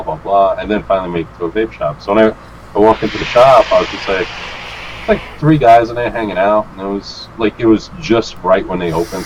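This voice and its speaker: A man's voice: low-pitched, a little hiss or hum, rough recording. A man guesting on a chat show, telling stories casually and acting out other people's lines with swearing and laughter. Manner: animated, acts out quotes with swearing and laughs. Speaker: guest, vape reviewer.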